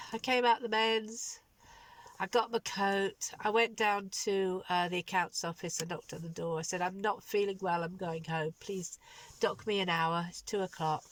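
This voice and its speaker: A woman in her sixties telling a story from her workday as a vlogger, lively and exasperated, laughing at herself. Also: on the low side. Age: 60s. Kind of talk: casual spoken diary.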